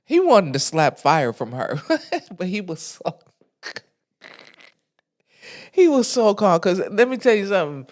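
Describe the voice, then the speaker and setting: Animated, profane woman ranting. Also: mid-range voice, slow pace, pauses often. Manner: animated, profane, laughs often. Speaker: podcast host. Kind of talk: casual ranting commentary.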